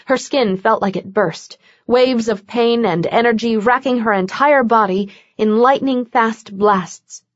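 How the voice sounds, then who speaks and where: A woman narrates a novel in a steady, measured scripted reading. The recording is dry and a bit muffled, with no room echo. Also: fairly high pitch. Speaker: audiobook narrator. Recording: dull, dry lo-fi audio.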